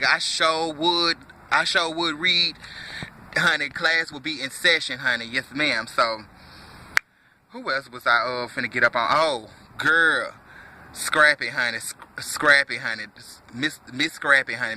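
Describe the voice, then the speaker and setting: A man's voice: a little high, bright, forceful tone, a little hiss or hum. A man ranting sassily to camera about a reality show, tacking a drawled "honey" onto nearly every phrase. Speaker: reality TV commentator. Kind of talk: sassy casual rant to camera.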